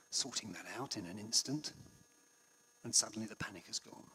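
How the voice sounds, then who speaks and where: A man preaching a sermon in a conversational way, with frequent restarts and passages that drop to a hush. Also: on the low side, moderate pace, breathy edge. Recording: long hall reverb.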